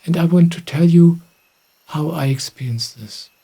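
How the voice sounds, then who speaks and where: A middle-aged man, a spiritual teacher, calmly answering questions in a gentle, reflective way. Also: a little high, unhurried, creaky, slightly rough. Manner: gentle, reflective, soft-spoken. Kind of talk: calm satsang answering questions.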